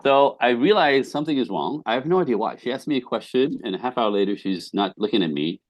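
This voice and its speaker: Heard in lo-fi sound with no echo, this middle-aged podcast guest has a medium-pitched, animated voice and a quick pace. In a lively conversational interview he spins relationship stories with emphasis, performing the dialogue and laughing frequently.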